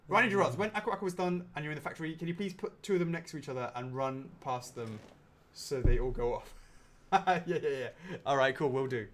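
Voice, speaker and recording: A man's voice: fairly high pitch, fairly quick, a bit bright. A man hosting a casual question and answer chat, rambling and joking as he reads out questions. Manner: rambling, jokey, laughs often. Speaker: host.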